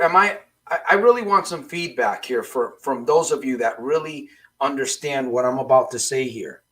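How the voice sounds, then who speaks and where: A man hosting his own live coaching broadcast, speaking at an everyday middle pitch. He rambles, restarts his sentences and keeps repeating questions to his viewers. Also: a bit bright. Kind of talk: casual motivational livestream talk.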